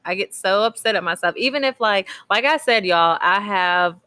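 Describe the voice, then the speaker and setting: A woman's voice: medium pitch, expressive, normal speed, bright, forceful tone, smooth, no room sound. A woman, chatting candidly as a podcast co-host and telling stories with a laugh. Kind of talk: casual chat.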